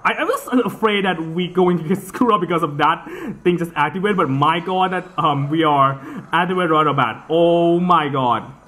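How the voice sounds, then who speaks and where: A man giving casual let's-play commentary over a soccer video game, excitable and quick to swear and groan at the game. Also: fairly high pitch. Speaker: gameplay commentator.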